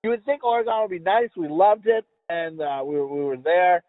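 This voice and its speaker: A high-pitched, expressive man talks fairly quickly, co-hosting a podcast from the US East Coast. He rambles, swears, and trips over his words while telling stories in casual chat. The audio is dry with no room sound and has a tinny, phone-like quality.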